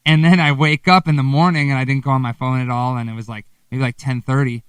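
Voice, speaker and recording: A man's voice: medium pitch, fast talker, smooth, dry recording. Laid-back young man talking shop, far from the mic. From Wisconsin. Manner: laid-back, swears freely, animated storytelling. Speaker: guest musician. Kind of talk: casual interview chat.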